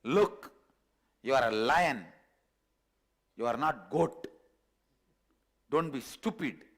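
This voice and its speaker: A man's voice: fairly low pitch, steady tone, takes it slowly, pitched below the performer's own voice. Man doing a stern, scolding lion. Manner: commanding, scolding. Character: stern, firm adult male lion.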